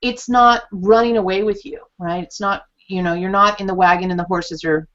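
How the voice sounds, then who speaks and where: A woman's voice: mid-range voice, normal speed. A woman hosting a casual live chat, talking expressively and acting out quoted reactions with frequent laughter. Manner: animated, acts out quoted reactions, laughs often. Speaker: channeler and host. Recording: dull lo-fi sound.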